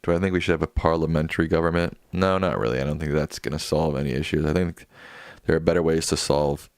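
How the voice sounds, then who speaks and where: A man's voice: very deep voice, fairly even intonation, quick pace, smooth, no echo, studio quality. A man hosting a livestream after-show, casually reading viewer comments aloud and answering them offhand. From United States. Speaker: livestream host reading chat. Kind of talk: casual chat.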